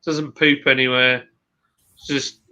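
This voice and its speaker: A man's voice: mid-range voice, level tone, takes it slowly, sharp tone. A man hosting a casual livestream chat, reading viewer comments aloud in a chatty way. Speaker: host. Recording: dull lo-fi stream audio.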